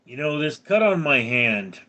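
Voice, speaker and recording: A man's voice: on the high side, very animated, measured pace, pushed and bright. A man in his thirties live streaming, reading out viewers' names and answering them with crude, joking replies. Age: 30s. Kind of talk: casual live-stream chat.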